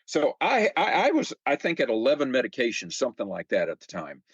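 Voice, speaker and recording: An American man in his seventies, a podcast guest, tells stories chattily, full of fillers and repeated words, acting out quoted remarks. His mid-range voice swoops wildly in pitch, fairly quick with a breathy edge, in a lo-fi recording with no echo.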